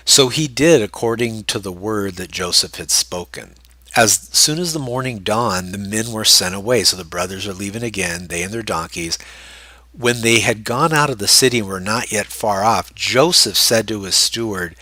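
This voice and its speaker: A man reading scripture aloud and breaking in with casual, animated asides to explain it. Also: on the low side, normal speed, dry recording. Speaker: Bible study teacher.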